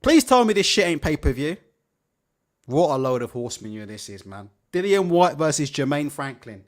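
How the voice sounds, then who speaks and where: A man's voice: on the high side, normal speed. Sarcastic man ranting about boxing. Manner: profane, sarcastic, animated. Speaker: boxing show host. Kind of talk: live-stream rant.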